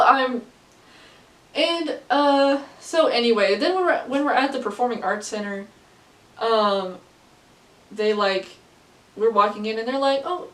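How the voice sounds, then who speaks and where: Casting: teen girl vlogger, slightly high voice, rambling and giggly, recorded far from the mic in a roomy space. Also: a bit bright. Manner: rambling, many fillers, laughs often. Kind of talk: casual storytelling to camera. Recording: echoey room, distant from mic.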